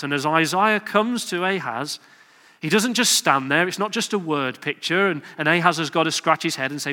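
Bright-voiced preacher in a reverberant church. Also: male voice, on the high side. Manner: earnest, rising to emphatic exhortation, acting out quoted voices. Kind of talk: sermon.

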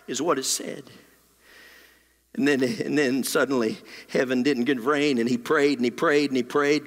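Preacher guy on a mic in church, bright forceful voice, long echo, goes from loud down to whispers. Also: a little high, moderate pace. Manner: animated, dramatic swings between loud and whispered. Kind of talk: sermon. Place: church sanctuary. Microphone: handheld mic. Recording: long hall reverb.

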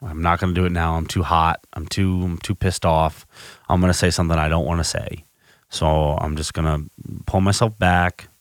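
A man's voice: sits low, little pitch movement, moderate pace, no room sound. A man hosting a podcast, telling a personal recovery story in a candid, self-reflective way, often restarting his sentences. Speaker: podcast host.

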